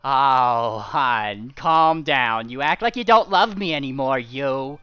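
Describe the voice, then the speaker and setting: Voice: mid-range voice, animated, slow pace, bright, forceful tone, clear, resonant tone, dry recording, muffled recording. A game master voicing a smug female ancient dragon who sweet-talks her husband and teases him. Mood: smug teasing. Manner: syrupy, teasing, calls everyone hon.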